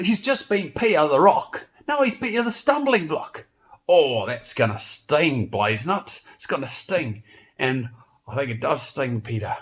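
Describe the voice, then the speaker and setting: A man teaching a children's Bible lesson, telling the story in a playful, animated way and exclaiming often. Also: fairly high pitch, moderate pace.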